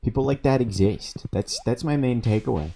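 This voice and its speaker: A man's voice: medium pitch, expressive, moderate pace, creaky, background noise. A man streaming a video game on a desk microphone, casually telling stories between moves, swearing freely and laughing along the way. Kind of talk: casual storytelling while gaming.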